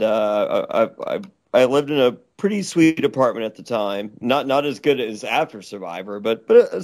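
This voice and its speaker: A man's voice: mid-range voice, darkish tone. Stammering, laughing man telling a story. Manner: rambling, stammering, laughs often. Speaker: interview guest. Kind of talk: casual storytelling with crude jokes. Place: Los Angeles.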